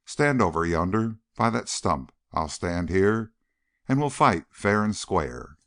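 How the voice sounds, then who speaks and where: A towering, simple young mountain man with a slow, blunt backwoods drawl, read by a man in an audiobook. His deep voice swings widely in pitch. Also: expressive, fairly bright tone, dry recording, studio quality, full character voice. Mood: resolute. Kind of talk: audiobook character reading.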